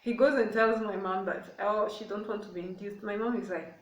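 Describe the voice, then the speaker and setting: A woman's voice: medium pitch, steady tone, fairly quick, recorded from a distance. A young woman tells a personal story in a casual, emotional way, circling back and repeating herself as she goes. She sits some way from the microphone, and the room gives her voice a hollow echo. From Kenya. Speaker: vlogger. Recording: echoey room, away from the mic.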